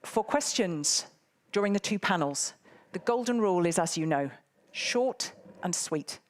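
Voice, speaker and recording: A woman's voice: lowish voice, lively intonation, measured pace. Playful woman moderating a conference. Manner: playful, teasing audience banter. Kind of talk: live event hosting.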